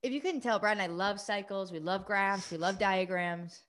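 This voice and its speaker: A woman recovery coach hosting a live coaching session, talking quickly and eagerly, greeting viewers by name. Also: medium pitch. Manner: fast, excited, energetic delivery.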